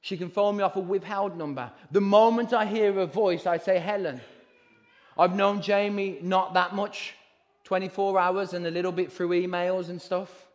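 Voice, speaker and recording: A man preaching a sermon with passion, his voice climbing toward shouts at its peaks. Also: high voice, fairly even intonation, normal speed. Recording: hall reverb.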